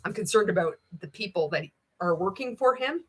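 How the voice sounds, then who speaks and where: A woman's voice: medium pitch, lively intonation, fairly quick, husky. A woman hosting a casual livestream, reading out viewer comments. She is sarcastic, swears freely and laughs often. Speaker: livestream host.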